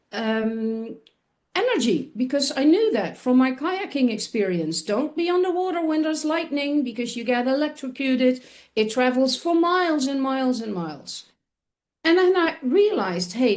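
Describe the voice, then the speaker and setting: A woman telling a personal story as a guest on a talk show, earnest and expressive, often restarting her sentences. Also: sits high, moderate pace.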